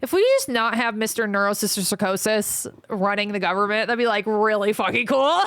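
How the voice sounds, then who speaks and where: A woman's voice: medium pitch, a bit bright, dry recording. Give me a frank, profane woman streamer venting to her chat, recorded dry and close. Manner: frank, profane, quick to vent. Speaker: surgical trainee. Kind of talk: casual live-stream chat, reading viewer comments aloud.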